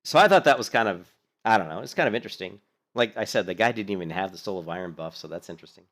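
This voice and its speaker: A man giving casual, rambling gaming commentary, animated, with lots of fillers and some swearing. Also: low voice, very fast. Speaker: gaming streamer commentating on a hardcore game run.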